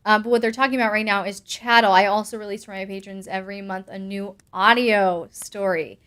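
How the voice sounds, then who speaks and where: A woman's voice: mid-range voice, fairly even intonation, brisk, a bit bright, smooth. A young adult woman hosting a live stream, reading viewer comments aloud with bubbly asides and frequent laughs. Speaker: host answering patron questions.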